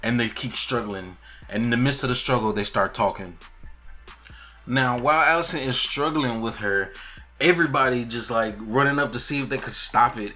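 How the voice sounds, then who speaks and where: A man recapping a TV episode in casual commentary, animated and laughing, acting out the scenes. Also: medium pitch. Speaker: TV show recap reviewer.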